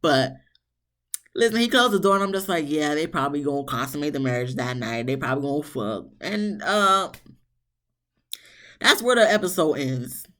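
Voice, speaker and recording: A reviewer recapping a reality show episode in a blunt, sassy, casual way, swearing freely and jumping into high, exasperated tones. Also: expressive, normal speed, fairly bright tone. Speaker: TV show reviewer, channel host.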